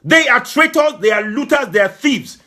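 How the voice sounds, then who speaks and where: Fervent man, high and lively. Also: moderate pace. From Nigeria. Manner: fervent, repetitive, sometimes shouting. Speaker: political broadcaster. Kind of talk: impassioned political address.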